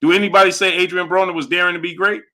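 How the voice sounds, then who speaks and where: High-pitched and rapid-fire, this young boxing livestream host reads viewers' Super Chats out loud. He's animated and emphatic, hammering his points home by repeating lines.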